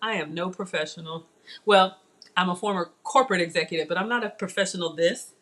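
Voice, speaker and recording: A middle-aged woman runs a casual live-stream cooking demo from her home kitchen. She is chatty and excitable and keeps calling out to her viewers while she works. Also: fairly low pitch, fairly quick. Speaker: cooking show host.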